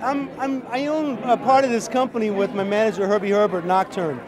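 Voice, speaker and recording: A man with a high voice talks loosely and casually in an interview, filling his sentences with fillers. Crowd noise is heard all around him. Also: brisk, poor audio. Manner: rambling, relaxed, many fillers. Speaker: interviewee, musician.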